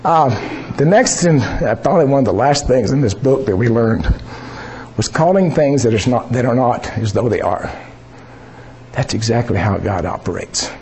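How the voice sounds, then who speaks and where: Man, preacher, informal sermon, mellow voice, emphatic, faint background hiss. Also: medium pitch. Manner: conversational, emphatic, repeats phrases.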